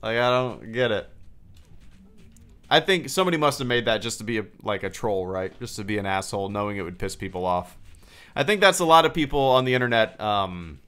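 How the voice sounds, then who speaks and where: A man's voice: on the low side, expressive, a little fast, pushed and bright, clear, resonant tone. Rambling male game streamer. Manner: rambling, loose, with many fillers and restarts. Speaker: streamer and channel host. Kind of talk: casual live-stream chat while gaming.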